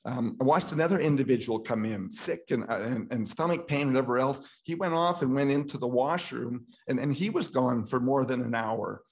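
Man speaking with heated halting repetition. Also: medium pitch, a little mellow. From Canada. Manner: repeats words and restarts often, grows heated and emotional. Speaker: speaker at a political meeting. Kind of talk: impassioned public talk.

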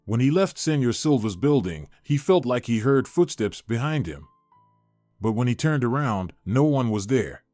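Expressive male story narrator. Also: mid-range voice, moderate pace, no room sound, faint music behind.

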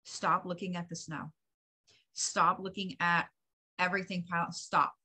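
Woman, psychic reader, blunt and profane, low-pitched but bright tone. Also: level tone, a little slow, husky. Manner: blunt, profane, emphatic advice. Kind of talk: channeled reading, direct address.

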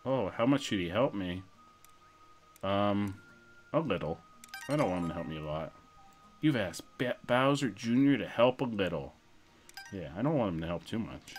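Young male streamer, lively swooping delivery, playful running commentary over soft game music. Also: lowish voice, moderate pace, long pauses. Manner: excitable, expressive, jokey. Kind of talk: casual gameplay commentary.

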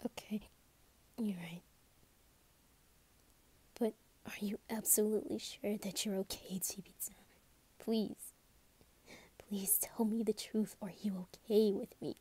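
A woman voicing an anxious, tender young woman who softly reassures her partner, in a whispered role-play. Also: mid-range voice, steady tone, takes it slowly, long pauses, breathy edge. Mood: tender, worried. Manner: soft, reassuring, worried. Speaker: ASMR role-play creator.

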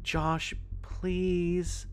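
A man's voice: a little high, sing-song, extremely slow, pitched above the performer's own voice, full character voice. A man voicing a frightened young woman, the narrator's sister, pleading and panicky.

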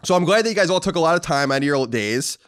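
A man's voice: on the high side, expressive, racing, fairly bright tone. A man in his thirties co-hosting a casual podcast, sarcastic and playfully mocking as he reads listener mail. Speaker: podcast co-host.

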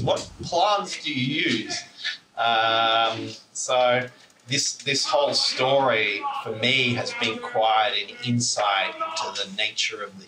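A man's voice: medium pitch, background noise. A man giving an informal public talk, rambling with many fillers and chuckles, heard through a camera's built-in mic. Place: indoor talk venue. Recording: roomy, distant camera mic.

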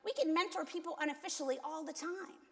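A woman's voice: high-pitched, fast, vocal fry. A woman pastor giving a conversational sermon, telling candid, self-deprecating stories. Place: church sanctuary. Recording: long echo of a large church hall.

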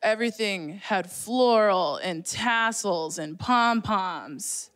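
A woman doing a stand-up comedy set with a quick, exasperated delivery. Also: mid-range voice, a bit bright.

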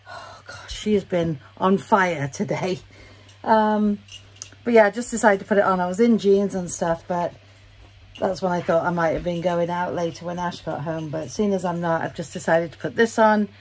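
Chatty British woman with a gravelly voice. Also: fairly low pitch, normal speed, darkish tone, a little hiss or hum. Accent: British English. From Britain. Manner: chatty and rambling, often laughing at herself. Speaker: vlogger. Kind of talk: casual day-in-the-life vlog. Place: at home.

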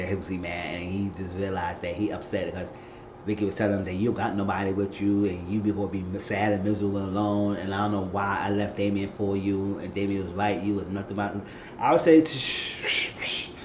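A man casually recapping a TV episode, acting out the characters' lines with sudden high squeals. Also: background noise. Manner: animated retelling, acting out quotes with high squeals. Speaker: recap host. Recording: echoey room, dull lo-fi sound.

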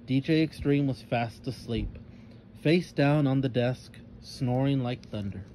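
A man narrating a children's story aloud, expressive and at a middling pitch. A faint room hum sits behind his voice. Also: unhurried.

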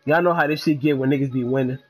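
A man giving excitable, trash-talking commentary while he plays a game, dropping to low mutters and then bursting into shouts. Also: fast talker, husky, faint music behind. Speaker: gamer. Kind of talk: live gameplay commentary.

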